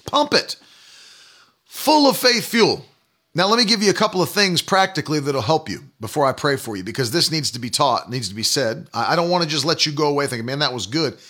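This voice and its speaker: Bright-voiced preaching man in his thirties. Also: fairly high pitch, animated, fairly quick. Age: 30s. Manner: emphatic preaching, mocking quoted doubters. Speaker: pastor. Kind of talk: sermon.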